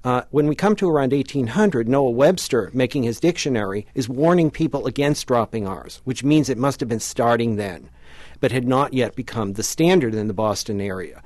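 Professor guest, man, measured explainer, mid-pitched, dry close sound. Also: darkish tone, no room sound. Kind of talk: explanatory interview talk.

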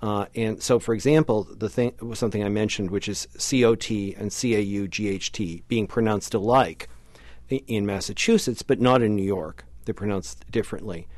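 A man with a lowish voice speaks as an academic guest on a radio talk show. He explains things in a measured way and stops now and then to correct himself. The sound is dry and close to the mic. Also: a little mellow, no room sound. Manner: measured, explanatory, slightly halting. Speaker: professor, studio guest.

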